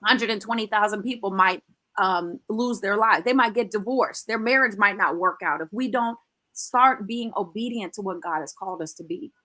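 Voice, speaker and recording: A woman radio host with a bright, ringing voice talks with growing passion. She builds her points like a preacher, stressing words and repeating lines for effect. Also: mid-range voice, moderate pace. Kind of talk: talk show chat turning preachy.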